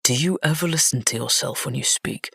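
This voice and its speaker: A woman's voice: very deep voice, a little fast, creaky, a bit bright, husky, dry recording, studio quality, heavily acted. A woman voicing a haughty, scornful young nobleman in an audiobook, with a sneering, insulting manner. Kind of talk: audiobook character reading.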